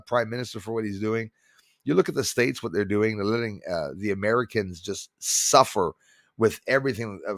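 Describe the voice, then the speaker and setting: A middle-aged Canadian man hosts a casual livestream, rambling and reading viewer comments out loud. His mid-range voice is gravelly, captured at studio quality with no echo.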